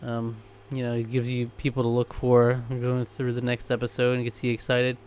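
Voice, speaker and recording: Male co-host, middle pitch, relaxed and chatty, casual reaction talk. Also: normal speed, smooth. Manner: easygoing, chatty, wraps up the show. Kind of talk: casual chat, reaction commentary.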